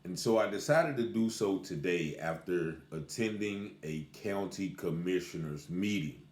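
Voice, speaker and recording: A man giving a casual spoken commentary to camera, deliberate and emphatic, pausing to stress key words. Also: deep voice, a little mellow. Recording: echoey room.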